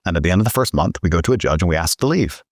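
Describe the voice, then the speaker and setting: Man, casual storytelling, swearing, lively swooping pitch, dry close sound. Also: very fast, slightly rough, no room sound. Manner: profane, indignant, animated. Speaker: guest storyteller.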